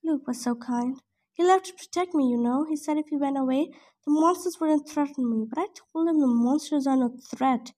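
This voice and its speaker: A woman's voice: high-pitched, moderate pace, mellow, natural voice. A woman reading the lines of a frail, confused old mother who dotes on her absent son, in a dreamy, wandering manner. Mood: doting.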